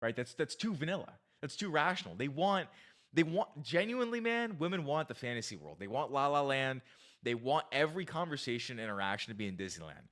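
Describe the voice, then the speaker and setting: A man's voice: mid-range voice, a little fast. A man giving dating advice through an eager story, acting out the dialogue. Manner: eager, animated, acts out dialogue.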